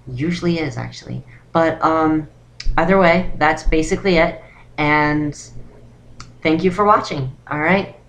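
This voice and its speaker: Low-voiced young woman rambling through a tutorial. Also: unhurried. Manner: rambling, full of "um" and "actually". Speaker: voice training vlogger. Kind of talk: casual beginner tutorial.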